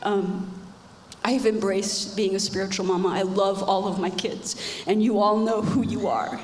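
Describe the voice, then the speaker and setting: A woman's voice: mid-range voice, steady tone, normal speed, a little hiss or hum. An older woman giving an earnest personal testimony on a church panel, repeating phrases for emphasis. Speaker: panel guest. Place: church stage. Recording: echoey church hall with reverb.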